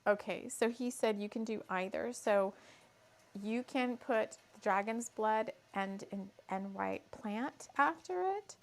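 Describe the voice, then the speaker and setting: Speaking at a medium pitch and taking her time, this host leads a relaxed spiritual craft session. She's chatty and giggly, breaking into laughter mid-sentence while reading her list of ingredients out loud again.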